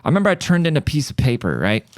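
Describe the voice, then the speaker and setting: A man's voice: on the high side, wildly swooping pitch, racing, no echo. A man in his thirties, from Germany and a native German speaker, hosting a comedic podcast monologue in a profane, sarcastic rant. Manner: profane sarcastic ranting with mocking put-on voices. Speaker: podcast host.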